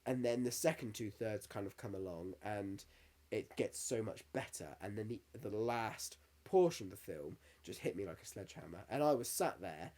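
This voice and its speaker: A man's voice: on the low side, expressive, normal speed, hardly any pauses, darkish tone. A man in his thirties, co-hosting a podcast in casual chat, candid and sweary, getting emotional as he tells stories. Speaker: podcast co-host.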